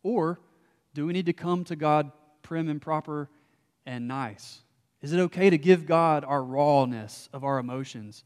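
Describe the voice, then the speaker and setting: A man preaching a sermon as a pastor, impassioned and rising to loud emphasis. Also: fairly high pitch, measured pace, clear, resonant tone, big-room sound.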